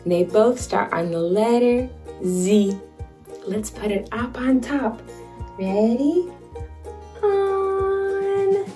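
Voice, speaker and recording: Young woman, toddler presenter: very slow, high and bouncy, playful and sing-song. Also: animated, dark tone, faint music behind. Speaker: children's video presenter. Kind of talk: teaching toddlers.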